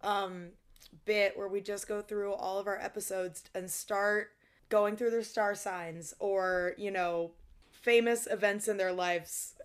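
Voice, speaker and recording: A woman's voice: medium pitch, fairly even intonation, slow, smooth. A young adult woman co-hosting a podcast, casual and giggly, with a bubbly, apologetic way of talking. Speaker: podcast co-host. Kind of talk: casual chat.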